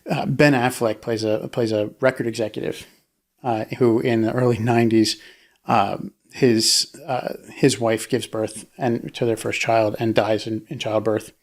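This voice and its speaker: A man co-hosting a casual podcast discussion, rambling with many restarts and acting out quotes in a higher voice. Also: fairly even intonation, a little slow. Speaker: podcast co-host.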